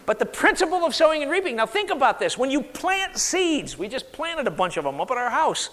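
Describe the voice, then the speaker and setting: A man preaching in a church sanctuary, his voice high and swinging widely up and down. He drives points home and has the congregation repeat lines back to him, with a long reverb trailing each phrase. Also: expressive, brisk, few pauses, fairly bright tone. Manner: emphatic, leads congregation in call-and-response repetition. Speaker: pastor. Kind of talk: sermon.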